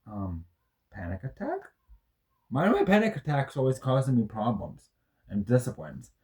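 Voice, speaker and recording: A man's voice: mid-range voice, huge pitch swings, normal speed, dark tone. Rambling man in his thirties venting. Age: 30s. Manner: rambling, self-correcting, swears often. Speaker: vlogger. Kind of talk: personal vlog, emotional storytelling.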